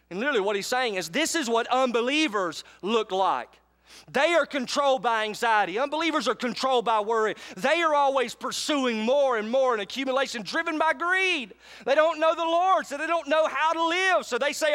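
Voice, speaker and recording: High-voiced pastor preaching. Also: male voice, expressive, moderate pace, bright, forceful tone. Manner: emphatic, calls out to congregation for responses. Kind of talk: sermon. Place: church sanctuary with live congregation.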